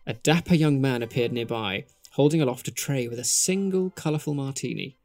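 A man's voice: medium pitch, a little fast, hardly any pauses, darkish tone, no echo, faint music behind. Man playfully reading a comedy story. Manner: playful, chuckling at his own puns. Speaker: podcast co-host. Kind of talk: reading interactive fan fiction aloud.

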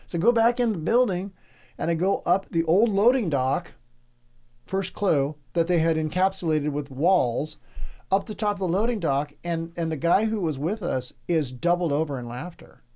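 A man's voice: fairly high pitch, normal speed, warm tone. A man co-hosting a podcast, telling a funny work anecdote in casual chat and laughing often. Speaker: podcast co-host.

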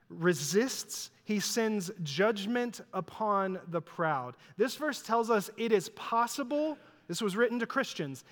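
Male pastor, high voice, conversational and self-deprecating, long hall reverb. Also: fairly bright tone. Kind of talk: sermon.

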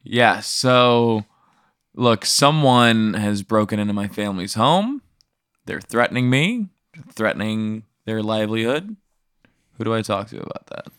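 A man playing along in an improvised scenario, quick and playful, swearing often. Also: lowish voice, animated, fairly bright tone, clear, resonant tone, no echo, studio quality. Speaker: player. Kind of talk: improvised play, casual.

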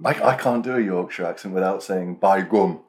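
Deep-voiced man with dry teasing humor. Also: fast. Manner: dry, teasing, quizzing his co-host. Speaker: podcast co-host. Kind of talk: casual podcast chat.

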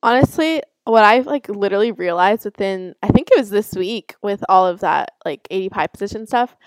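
A woman's voice: mid-range voice, expressive, a little fast, no echo, rough recording. A young woman hosting a podcast in casual chat, full of "like" fillers. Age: young adult. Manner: chatty, lots of "like" fillers. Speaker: podcast host.

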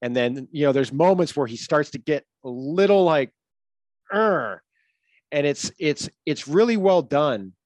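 Man, slightly high voice, dry close sound, chatty, full of fillers. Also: moderate pace, few pauses, darkish tone, no room sound. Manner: retells scenes, acting out lines, filler-heavy. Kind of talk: casual film discussion.

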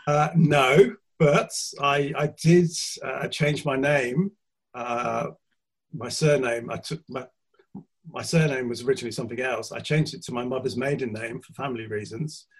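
Man as a relaxed musician guest, husky tone, mid-pitched, talks over a video link. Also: moderate pace. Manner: easygoing, laughs often. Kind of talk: casual interview chat. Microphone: video call.

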